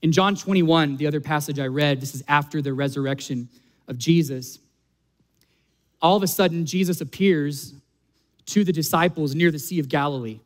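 A man's voice: on the high side, moderate pace. Earnest man preaching a sermon. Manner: earnest preaching, rising to emphatic peaks. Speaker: pastor.

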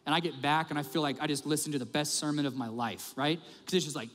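Animated pastor preaching in a hall. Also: male voice, fairly high pitch, fast talker. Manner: animated, conversational storytelling. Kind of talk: sermon. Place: church auditorium. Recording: long hall reverb with faint music.

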